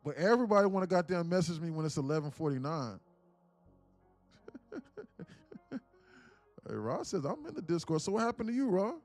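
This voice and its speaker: A man's voice: high voice, very animated, moderate pace, long pauses, darkish tone, soft background music. A man live-streaming his day trading, bantering loosely with chat in slangy, joking talk and cursing freely.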